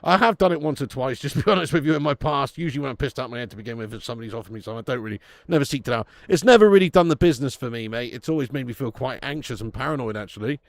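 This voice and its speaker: A man's voice: medium pitch, animated, rapid-fire, few pauses, no echo. A man hosting a live football watch-along, swearing freely and laughing as he reads out viewer messages.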